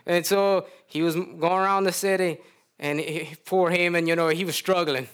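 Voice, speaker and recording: A man's voice: high-pitched, fairly even intonation, normal speed, fairly bright tone, clean tone. A man preaching, retelling a story in a folksy, chuckling way. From Louisiana. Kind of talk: storytelling sermon.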